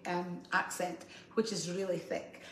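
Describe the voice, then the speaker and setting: A woman guest singer chatting quietly between songs, easing away from the mic at times. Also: lowish voice, flat delivery, unhurried, echoey room, slight background noise. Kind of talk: casual chat between songs. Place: home kitchen.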